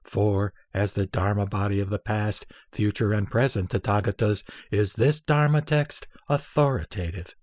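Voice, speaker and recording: A man reading an old Buddhist scripture aloud in a measured, solemn recitation, pacing out long lists phrase by phrase. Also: lowish voice, a little mellow, no echo, studio quality.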